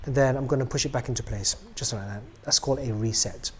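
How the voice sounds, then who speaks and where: A middle-aged man casually demonstrating how to pose and reset a doll's joints, relaxed and chatty, with many ums, trailing off quietly at the ends of phrases. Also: mid-range voice, quick pace. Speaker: doll maker demonstrating a product.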